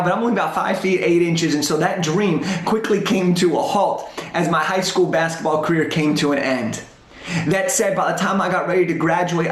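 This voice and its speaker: A young man giving a motivational storytelling talk to a school assembly, animated and using dramatic pauses. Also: fairly high pitch. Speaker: motivational speaker. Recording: roomy echo.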